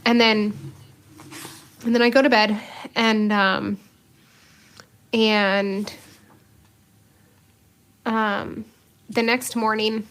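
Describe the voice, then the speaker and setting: A woman's voice: fairly high pitch, flat delivery, drawn-out words, long pauses, fairly bright tone. A woman who is a religious sister, co-hosting a podcast and telling a personal story in casual conversation, earnest and self-mocking, with many fillers.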